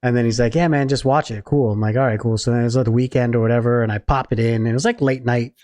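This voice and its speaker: A man's voice: medium pitch, fairly even intonation, fast, darkish tone, dry recording. A man co-hosting a casual podcast, telling a story animatedly, acting out other people's voices and laughing. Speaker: podcast co-host.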